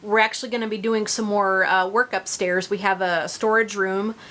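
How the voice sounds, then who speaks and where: A woman's voice: mid-range voice, fairly even intonation, normal speed, pushed and bright. A middle-aged woman vlogging about her reborn dolls, chatting casually to viewers with many fillers and restarts.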